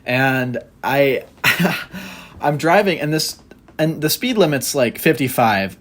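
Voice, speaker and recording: A young man co-hosting a podcast, telling stories in a loose, halting way with fillers. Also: mid-range voice, lively intonation, a bit bright. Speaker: podcast co-host. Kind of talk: casual chat.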